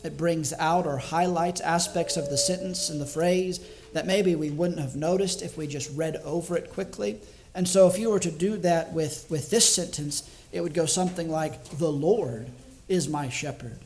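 Male evangelist with a fairly high voice, preaching in a thoughtful, measured way and thinking aloud. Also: a little mellow. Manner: reflective and measured, slowing down to stress key words; thinks aloud with small restarts. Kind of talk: sermon.

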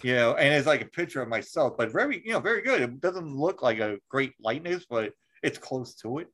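A man's voice: mid-range voice, lively intonation, a little fast, a bit bright, low-quality recording. A man hosting a podcast in casual chat, rambling with lots of fillers, restarts and swearing. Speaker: podcast host.

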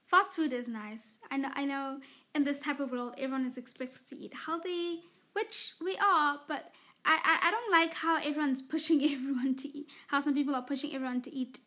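Young woman, high voice, solo podcast host; rambly, gushing, filler-heavy casual chat. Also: brisk, sharp tone. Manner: gushing, rambling, full of "like" and repeated words.

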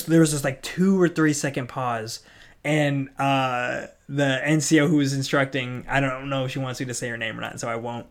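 A man's voice: mid-range voice, steady tone, fairly quick. A man in his thirties, an Army NCO and resilience instructor, telling a story in casual chat with lots of restarts and filler words. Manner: rambling, many restarts and filler "like". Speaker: Army non-commissioned officer and resilience course instructor.

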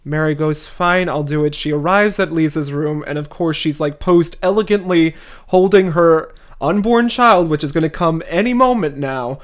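A man's voice: a little high, moderate pace. A man hosting a podcast, casually retelling a classic novel with wry, chatty asides. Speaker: podcast host. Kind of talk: casual book recap.

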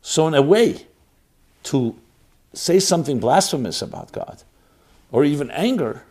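A man's voice: on the high side, a little mellow. A man giving an earnest, emphatic Torah talk as a rabbi, full of rhetorical questions.

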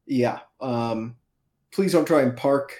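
A man's voice: mid-range voice, slow pace, darkish tone. A man co-hosting a comedy podcast, riffing playfully and swearing in casual chat. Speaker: podcast co-host.

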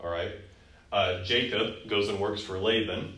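A man's voice: on the low side, a little slow, roomy sound, low-quality recording. Bible teacher quizzing his class. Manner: lively, quizzing students and acting out quotes. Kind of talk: classroom Bible lesson with questions.

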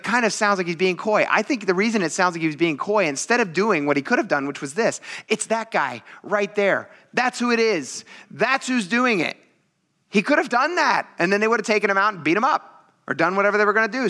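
A pastor who is a military veteran preaches a casual sermon in a chatty, teasing, self-mocking way. His voice is high, bright and forceful.

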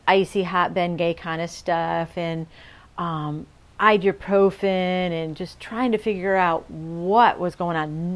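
A middle-aged woman sharing a personal testimony in an earnest, conversational way, acting out the voices of people in her story. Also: on the low side.

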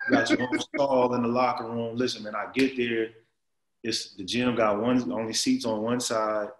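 A man in his thirties tells a story in relaxed, slang-heavy conversation. He speaks at an ordinary middle pitch and fills his talk with loose fillers. The recording has a roomy echo. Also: moderate pace, a little hiss or hum. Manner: animated, slangy, lots of "like" and "man". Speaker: guest. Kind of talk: casual storytelling.

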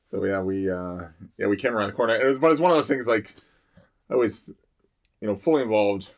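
A man's voice: on the low side, fairly quick. A man, a firefighter, telling a fire call story in casual chat, rambling with many fillers and restarts.

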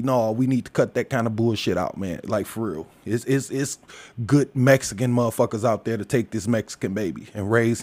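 A man's voice: medium pitch, dry recording. Profane ranting man, dry close sound. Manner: crude, loud, laughs often. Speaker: commentator. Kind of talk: casual profane rant.

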